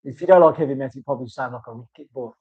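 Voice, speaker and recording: A man's voice: mid-range voice, very fast, a little mellow, slightly rough, no echo. A man chatting casually at work as a tattoo artist, swearing freely and telling rambling stories. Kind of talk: casual chat while working. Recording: dull lo-fi recording.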